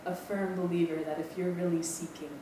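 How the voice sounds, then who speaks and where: Young woman from hawaii, campus ministry staff, rambly self-deprecating testimony, lower voice, echoey room, mic far off. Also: flat delivery, a little fast. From Maui, Hawaii. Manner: chatty, self-deprecating, many ums. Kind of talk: personal testimony talk. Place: lecture room. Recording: echoey room, distant mic, background noise.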